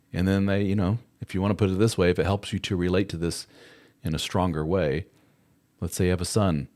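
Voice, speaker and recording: Low-voiced man hosting a frank livestream. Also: darkish tone. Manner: frank and conversational, with occasional swearing. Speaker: host answering viewer chat. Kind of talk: casual livestream talk.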